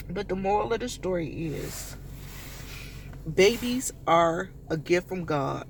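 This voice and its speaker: High gravelly man telling a story. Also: normal speed, a little hiss or hum. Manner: chatty, animated storytelling that addresses viewers directly. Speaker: vlogger. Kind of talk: casual story time.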